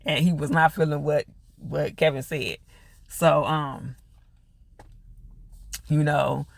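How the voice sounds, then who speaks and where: A man's voice: fairly high pitch, steady tone, takes it slowly, vocal fry, dry recording. A man recapping a TV episode in a chatty, slangy way, full of fillers. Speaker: TV reviewer.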